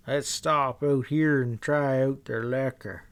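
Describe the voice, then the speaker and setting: A big, hot-tempered one-eyed man who speaks gruff and blunt, pushing his words out with force, voiced by a male audiobook narrator. The voice stays smooth and resonant, and the pace is slow. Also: mid-range voice, steady tone, natural voice. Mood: angry, eager.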